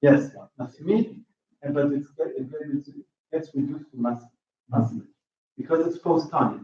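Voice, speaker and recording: A man giving an academic talk in linguistics, halting and restarting often, checking in with the audience. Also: a little high, warm tone, distant mic. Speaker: linguistics lecturer. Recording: roomy lo-fi hall recording from afar.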